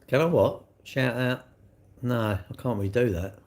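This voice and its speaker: An older man talks into his phone on a casual live stream. His manner is blunt and teasing, and he banters straight back at the chat. His voice sits at an everyday middle pitch. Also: normal speed, darkish tone. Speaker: livestreamer.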